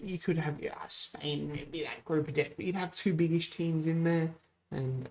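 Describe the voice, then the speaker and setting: A man's voice: on the high side, vocal fry, a little hiss or hum. Chatty man commentating his game. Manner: chatty, rambling, self-correcting, excitable over goals. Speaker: gaming channel host. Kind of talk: casual let's-play commentary.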